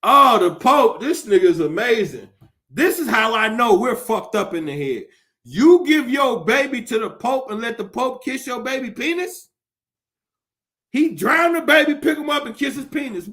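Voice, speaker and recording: A male podcast host in a profane, animated comedic rant, often laughing as he talks. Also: very high-pitched, moderate pace.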